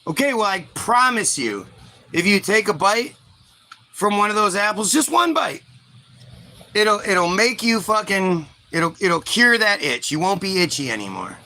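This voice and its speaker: A man's voice: sits high, big pitch swings, measured pace, bright, forceful tone, heavily acted. A man voicing a sly male snake who coaxes and persuades in a casual way. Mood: coaxing. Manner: coaxing, persuasive. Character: smooth-talking tempter snake, male.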